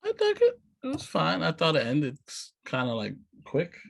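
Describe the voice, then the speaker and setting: A man's voice: a little high, huge pitch swings, normal speed, creaky. A man co-hosting a podcast in laid-back casual chat, blunt and chuckling. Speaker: podcast co-host.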